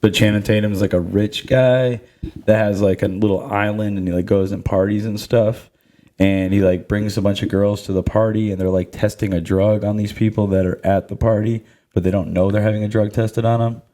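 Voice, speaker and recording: Low-voiced rambling man. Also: little pitch movement, fairly quick, warm tone. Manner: rambling, filler-heavy, laughing. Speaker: podcast host. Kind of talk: casual comedy podcast chat.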